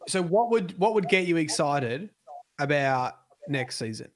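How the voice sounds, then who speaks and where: Relaxed, teasing male co-host. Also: fairly high pitch, measured pace. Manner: relaxed, teasing, repeats words as he asks. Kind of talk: casual gaming chat.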